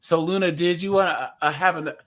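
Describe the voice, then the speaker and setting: A man's voice: fairly high pitch, fairly quick, fairly bright tone. A man with a Californian accent hosting a casual podcast chat, rambling with fillers and chuckles. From US West Coast. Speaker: podcast host.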